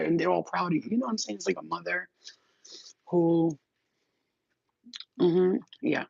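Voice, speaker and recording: Gravelly, husky woman, loose profane spiritual host, dry dull sound. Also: lowish voice, moderate pace, pauses often, a little mellow, dry recording. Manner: rambling, profane, streetwise. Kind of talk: casual spiritual talk.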